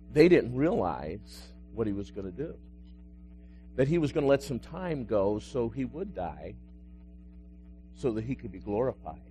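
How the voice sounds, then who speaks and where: A man, a pastor, preaching a sermon that swings between loud emphasis and hushed, quiet moments. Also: high voice.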